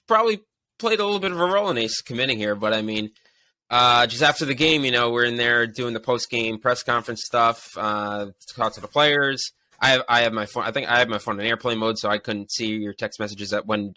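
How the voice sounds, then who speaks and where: Man, sports reporter, bright forceful voice, dry close sound, excited storytelling. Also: medium pitch, no room sound. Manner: excited storytelling, lots of fillers. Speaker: podcast guest, reporter. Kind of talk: casual sports podcast chat.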